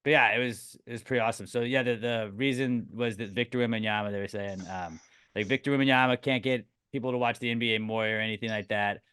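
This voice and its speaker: A man's voice: mid-range voice, steady tone, fast talker, fairly bright tone, clear, resonant tone. A young man co-hosting a podcast, telling loose, profane stories in casual chat and slipping into mock-tough voices. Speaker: podcast co-host.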